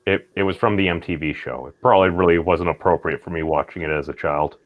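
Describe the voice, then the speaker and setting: A man's voice: sits low, fast talker, phone-quality sound. A man from Massachusetts, chatting casually on a group stream, rambling with many fillers and restarts.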